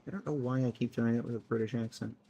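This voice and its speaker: A woman's voice: a bass voice, steady tone, fast, dark tone, dull audio. A woman casually chatting and thinking aloud while she plays a game on a live stream, sometimes mocking herself. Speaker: livestreamer.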